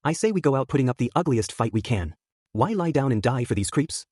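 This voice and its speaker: A man's voice: mid-range voice, animated, brisk, darkish tone, breathy edge, dry recording, clean studio sound. A man reading as a cool, reckless swordsman.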